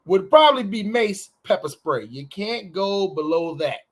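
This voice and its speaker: Here a man co-hosting a laid-back morning show speaks in a high, bright voice at an unhurried pace. His banter is an animated, profane rant, and when he imitates others his pitch swoops dramatically as he acts out their words.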